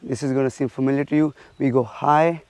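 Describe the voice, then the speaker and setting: A man's voice: mid-range voice, steady tone, a little fast, darkish tone, clean tone, no room sound. Man teaching a stick drill, dry sound. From India. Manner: counting strikes aloud while demonstrating. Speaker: martial arts instructor.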